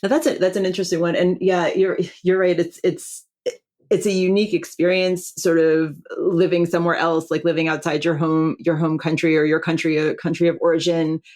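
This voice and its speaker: American woman, middle-aged, lowish voice, laughs a lot, restarts often, video call. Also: little pitch movement, brisk, a little mellow. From Buffalo, New York, USA. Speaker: podcast guest. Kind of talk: casual interview chat.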